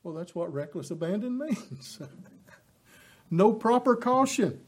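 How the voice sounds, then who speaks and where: A man's voice: high-pitched, expressive, unhurried. A middle-aged man preaching a sermon, impassioned and rising to emphatic peaks, with folksy asides and filler words.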